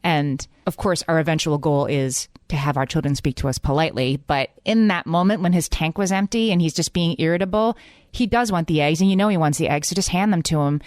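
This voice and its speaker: Candid mom co-host, dry close sound. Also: female voice, sits low, a little fast, a little mellow, no echo. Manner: candid, self-deprecating storytelling. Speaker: podcast co-host. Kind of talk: casual parenting chat.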